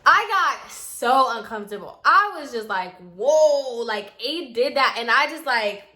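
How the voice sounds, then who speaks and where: A young adult woman telling a personal story in a chatty, expressive way, peppered with "like". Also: on the high side, moderate pace. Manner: chatty and expressive, heavy use of filler "like". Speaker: storytime vlogger. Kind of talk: casual storytelling.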